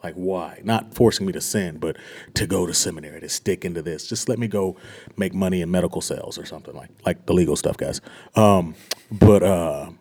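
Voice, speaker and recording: A young man with a deep, low-pitched voice tells his story as a pastor giving a testimony to a small group. He speaks earnestly and searchingly, his voice often sinking to a quiet, near-whispered hush. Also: fairly quick, breathy edge.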